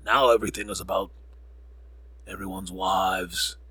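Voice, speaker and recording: A man's voice: deep voice, fairly even intonation, measured pace, bright, forceful tone, husky, no room sound. A man hosting a podcast, rambling through sports scores with jokes and frequent self-corrections. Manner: rambling, joking, corrects himself often. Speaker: podcast host. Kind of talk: casual sports score recap.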